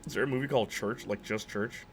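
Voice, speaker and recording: A man's voice: on the low side, fast, a little hiss or hum. A man streaming games, chatting casually and rambling through jokes. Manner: rambling, jokey, acts out silly dialogue. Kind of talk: casual chat on a gaming stream.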